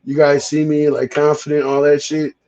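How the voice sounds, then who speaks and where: A man's voice: on the high side, completely flat delivery, moderate pace, darkish tone, highs cut off. Stammering, profane man in casual chat. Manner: profane, stammering, repeats himself. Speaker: host.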